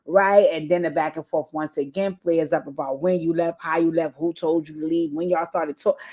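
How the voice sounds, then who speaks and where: Woman, lowish voice, casual reality TV recap, candid, emphatic, profane. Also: fairly even intonation, normal speed. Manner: candid, emphatic, profane, keeps asking "right?". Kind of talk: casual commentary.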